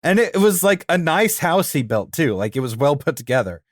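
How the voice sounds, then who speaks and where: A man co-hosting a cartoon podcast, animated and easily amused, laughing often as he retells scenes. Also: a little high, a little fast, no room sound, studio quality. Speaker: podcast co-host. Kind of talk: casual chat about cartoons.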